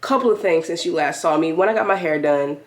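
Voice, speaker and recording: A woman's voice: low voice, fast. A woman vlogging to her camera in a room at home, chatty and upbeat, her voice stuffy from a cold. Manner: chatty, upbeat, talks straight to viewers. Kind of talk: casual vlog chat to camera. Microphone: compact camera mic.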